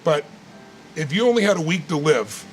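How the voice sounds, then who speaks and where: A man's voice: a little high, very animated, normal speed, faint music behind. A man giving motivational talk in conversation, emphatic and repetitive, telling stories to make his point. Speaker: motivational speaker.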